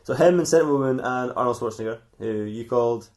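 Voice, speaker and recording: A man's voice: mid-range voice, fast talker, a little mellow. A man co-hosting a comedy podcast, telling a silly fan fiction story in a rambling way and laughing often at his own jokes.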